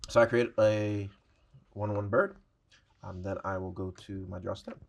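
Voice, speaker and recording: A man's voice: on the low side, steady tone, unhurried, creaky. A man playing a tabletop card game, steadily walking through his turn and reading card text aloud. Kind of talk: casual tabletop play.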